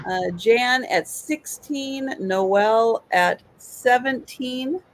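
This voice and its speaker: A woman's voice: a little high, very slow, poor audio. A woman hosting a live online vintage sale, describing items and calling out bids. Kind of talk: live online sales auction.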